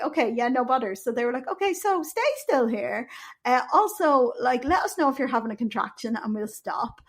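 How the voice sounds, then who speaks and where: A young adult woman with an Irish accent, hosting a podcast and telling a frank personal story with blunt, swearing candour. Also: a little high. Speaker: podcast host.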